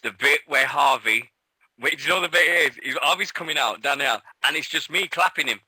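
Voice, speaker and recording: British male co-host, very bright voice, excitable laughing storyteller, dry sound. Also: fairly high pitch, fairly quick, husky, no room sound, rough recording. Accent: British English. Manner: excitable, laughing storyteller who swears freely. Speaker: radio show co-host. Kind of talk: casual chat.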